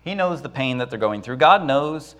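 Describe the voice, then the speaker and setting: A man's voice: medium pitch, expressive, fairly bright tone. A man preaching a sermon who acts out the voices of the people and Moses, with dramatic rises and drops. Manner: dramatic, acts out Israelites and Moses in quick asides.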